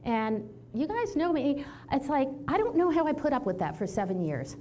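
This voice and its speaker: Animated woman in her sixties telling stories. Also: high voice, normal speed, a little hiss or hum. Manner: animated storyteller acting out quoted people. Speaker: chiropractor giving a talk. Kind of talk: storytelling talk to an audience. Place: event hall with audience.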